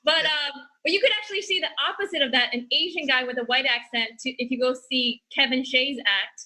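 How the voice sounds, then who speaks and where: A woman with a high, very bright voice delivers dry jokes as a panelist. She pauses on ums and lets her punchlines land flatly. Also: rough recording. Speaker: comedian panelist.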